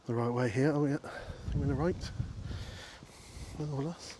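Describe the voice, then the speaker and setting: Walking through countryside fields and paths, a man with an unhurried, mid-range voice vlogs casually, chatting and joking with his viewers and with the sheep he passes. Faint wind can be heard outdoors.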